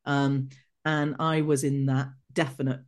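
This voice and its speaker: A middle-aged woman, an executive coach telling stories from her career as a podcast guest, animated and quick to act out remembered conversations. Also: very deep voice. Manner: lively, acts out remembered dialogue. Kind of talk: podcast interview storytelling.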